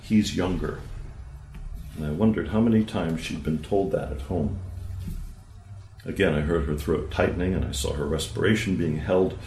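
A man, a therapist, reading a case study aloud in a measured, calm storytelling manner and voicing the dialogue he quotes. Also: extremely low pitch, reverberant, poor audio.

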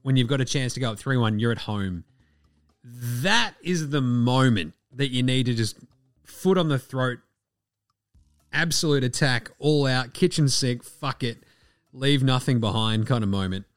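A man's voice: mid-range voice, a little slow, dry recording, studio quality, soft background music. A man hosting a sports podcast, ranting bluntly and swearing freely. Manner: blunt, profane, opinionated. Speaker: podcast host. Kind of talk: casual sports podcast rant.

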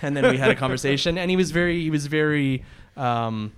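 A man's voice: a little high, a little fast, smooth. A man, a podcast co-host, telling a long story in a rambling casual way, full of restarts and short laughs.

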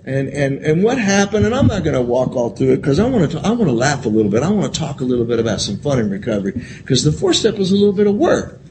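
Speaking quickly with few pauses, a very animated man with a voice on the high side gives a profane, emotional recovery share at a convention. He rambles, repeats himself, curses a lot and keeps dropping "man." Loud room noise fills this live talk from the convention hall.

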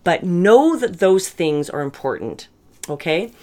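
A woman's voice: lowish voice, very animated, unhurried, darkish tone. A middle-aged woman telling a personal story in a candid, chatty way, often restarting her sentences. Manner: chatty and candid, self-described bossy, frequent restarts.

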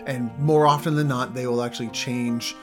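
A man's voice: mid-range voice, steady tone, moderate pace, over music. A middle-aged man co-hosting a marriage show, explaining communication habits in an earnest, emphatic way. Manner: earnest, emphatic, builds intensity in lists. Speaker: co-host, marriage coach. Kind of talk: casual teaching chat.

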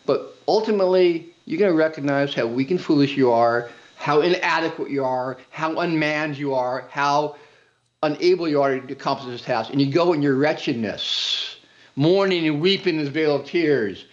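A man's voice: on the high side, normal speed. Fervent preacherly man, muffled audio. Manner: fervent, preacherly, repeating phrases. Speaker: guest. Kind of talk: impassioned religious talk. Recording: dull lo-fi audio.

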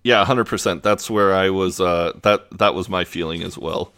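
Deep, smooth-voiced man recapping. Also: fairly bright tone. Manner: retells scenes with quick quoted lines, laughing. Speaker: podcast co-host. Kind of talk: casual recap chat.

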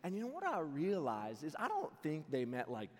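A young man preaching to a camp crowd, telling a story in an excitable, animated way and laughing along. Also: on the high side, normal speed. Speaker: camp speaker. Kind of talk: storytelling sermon to a youth camp. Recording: long hall reverb.

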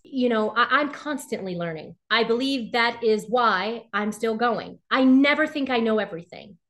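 A middle-aged woman being interviewed, animated and laughing often, acting out quoted voices as she tells stories. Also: fairly high pitch, normal speed. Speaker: interview guest. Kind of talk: casual interview talk.

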